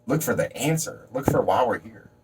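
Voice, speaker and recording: A man's voice: mid-range voice, lively intonation, moderate pace, recorded from a distance, noisy background. Man ranting, swearing, off-mic. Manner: preachy, swearing, jumps between topics; shouts and stretches words when fired up. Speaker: vlogger. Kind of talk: motivational rant to camera.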